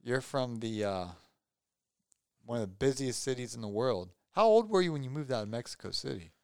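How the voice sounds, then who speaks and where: A man's voice: medium pitch, animated, brisk, darkish tone, clear, resonant tone, no echo. A man in casual chat, telling a rambling story and teasing his friend.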